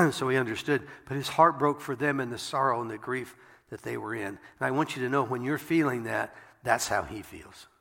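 A man delivers a sermon, reading scripture and stopping to add wry, conversational asides. His voice is gravelly with a bright, forceful edge. The sound carries the long reverb of a large room. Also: medium pitch, moderate pace. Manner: reads scripture aloud and breaks in with wry asides. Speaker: pastor.

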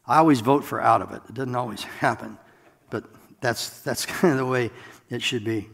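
A man preaching a sermon in a relaxed, conversational way, with self-deprecating asides, in a church sanctuary. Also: mid-range voice, moderate pace, creaky. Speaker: pastor. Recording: long hall reverb.

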